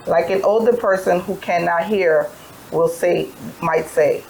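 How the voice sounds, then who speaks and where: A woman's voice: fairly low pitch, unhurried, vocal fry, a little mellow, a little hiss or hum, poor audio. A tired woman teaching a phonics lesson to young children, telling little stories with letter sounds in a patient sing-song way. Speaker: preschool teacher.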